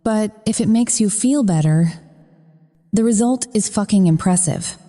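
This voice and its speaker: A woman voicing a commanding, seductive male mafia boss who murmurs softly, in an audiobook. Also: mid-range voice, unhurried, natural voice. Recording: long reverb.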